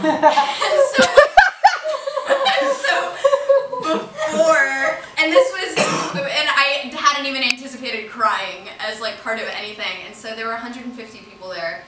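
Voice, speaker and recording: A woman comedian performing stand-up on a club stage, casual and profane, jumping from quick asides to loud laughing bursts. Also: on the high side, animated, background noise. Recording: roomy live club sound, heard from a distance.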